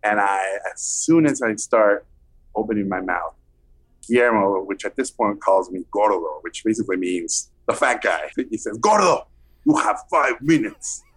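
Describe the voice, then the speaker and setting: A man recounting an anecdote as an interview guest, lively and animated, acting out the people he quotes. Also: on the low side, normal speed, husky. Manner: animated, acts out quoted voices. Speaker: film director guest. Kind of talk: anecdotal storytelling.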